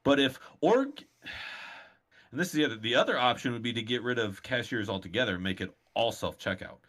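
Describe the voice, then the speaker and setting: A man's voice: medium pitch, animated, a little fast, fairly bright tone. A man co-hosting a casual chat podcast, ranting in an exasperated way. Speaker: podcast co-host.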